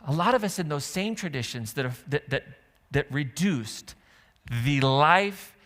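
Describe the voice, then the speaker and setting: Bright-voiced preacher in a reverberant church. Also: male voice, fairly high pitch, a little slow. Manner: conversational, animated storytelling with asides to the congregation. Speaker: pastor. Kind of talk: sermon. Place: church sanctuary. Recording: long hall reverb.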